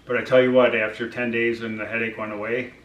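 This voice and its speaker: A man's voice: medium pitch, level tone, fast, fairly bright tone, reverberant, far from the mic. A middle-aged man casually recounting his personal diet experience, acting out conversations with his doctor and using many fillers. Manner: conversational, acts out dialogue with frequent fillers. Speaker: vlogger sharing his diet journey.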